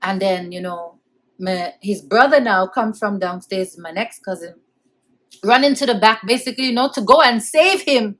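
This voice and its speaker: A woman's voice: medium pitch, normal speed, fairly bright tone. A woman vlogger telling a personal childhood story in an emotional, conversational way, repeating phrases as she goes. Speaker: vlogger recounting childhood memories.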